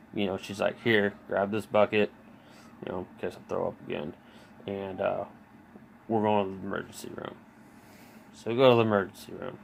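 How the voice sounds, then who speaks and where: A man in his thirties with a lowish, gravelly voice tells his own story in a loose, rambling way. He fills every pause with fillers, restarts often and swears freely. Faint room noise sits under his voice. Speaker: vlogger. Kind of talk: casual personal storytelling.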